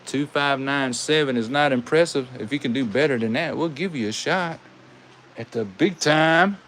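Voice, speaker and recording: A man with a Southern US accent hosts a live toy car race, offering casual, folksy commentary in a drawn-out way and saying "y'all." His voice sits at medium pitch with a fairly bright tone, and there's slight background noise.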